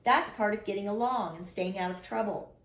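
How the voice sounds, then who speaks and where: A woman's voice: medium pitch, brisk, natural voice. A woman reading aloud, voicing a tired middle-aged father who lectures his son seriously. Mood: stern. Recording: roomy echo.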